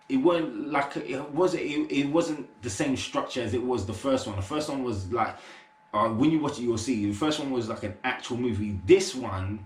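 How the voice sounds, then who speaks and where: A young man rambles through a casual movie review, full of fillers and slang. His voice sits on the lower side. The room gives the sound a noticeable echo. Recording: roomy echo.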